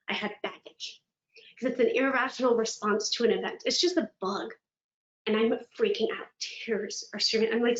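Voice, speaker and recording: A woman motivational speaker giving a virtual keynote, telling stories in an animated, dramatic way. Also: fairly high pitch. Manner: animated, dramatic storytelling with laughs. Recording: echoey room, dull lo-fi sound.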